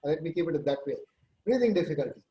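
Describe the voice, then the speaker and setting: A man speaks as a guest on a nursing talk show. He tells case stories and acts out the quoted lines. His voice is mellow and a little high, and the room around him echoes. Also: fast, muffled recording, a little hiss or hum. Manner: animated storyteller, acts out quoted dialogue. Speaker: guest speaker, senior nurse leader. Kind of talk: conversational talk-show answers with examples.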